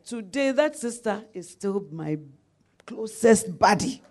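A woman's voice: mid-range voice, lively intonation, slow pace, a little mellow. A middle-aged woman preacher delivering a sermon, telling a personal story with laughter and calls of amen.

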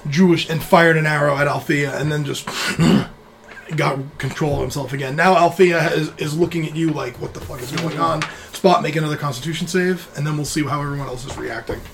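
A man running a tabletop game as dungeon master, narrating in a relaxed, conversational way with restarts. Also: on the high side, vocal fry, a little hiss or hum.

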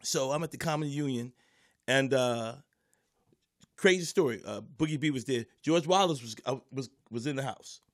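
A man's voice: medium pitch, normal speed. A man who is a stand-up comedian, casually telling a story and acting out the voices and noises of the people in it.

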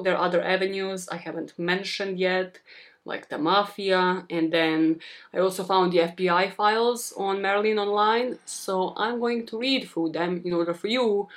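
A young woman talks through a true-crime case in a casual, chatty monologue. Her voice sits slightly low, and she rambles, throwing in self-deprecating remarks to her listeners. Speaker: true-crime podcast host.

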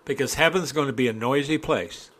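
A male preacher reads scripture aloud during a sermon, slipping into folksy asides and building to loud, impassioned peaks. His voice is mid-range and his delivery brisk.

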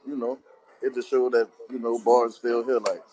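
A man's voice: medium pitch, little pitch movement, moderate pace, a little mellow, low-quality recording. A man with a New Orleans accent, a battle rapper guest on a video call, talking in laid-back slang from a restaurant. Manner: laid-back slang, many "you hear me" tags. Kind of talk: casual video call chat.

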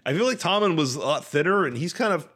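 A man's voice: on the high side, expressive, fast talker, fairly bright tone. A man co-hosting a casual podcast, talking loosely with fillers and casual swearing. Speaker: podcast co-host. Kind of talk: casual chat.

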